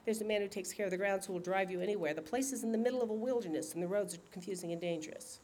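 A woman's voice: mid-range voice, very fast, darkish tone, slight background noise, natural voice. A woman reading aloud, voicing a curt, businesslike male lawyer who is the heroine's ex-husband, in a clipped, dismissive manner. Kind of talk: audiobook reading.

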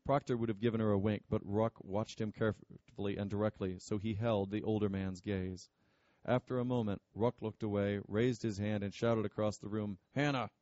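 A man narrating an audiobook in a steady, measured way. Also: on the low side, no room sound, muffled recording.

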